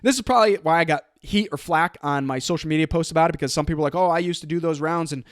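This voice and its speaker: A man hosting his own motivational podcast, telling a story in an energetic, conversational way and quoting others in his own voice. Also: fairly high pitch, racing, dry recording, studio quality. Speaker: podcast host.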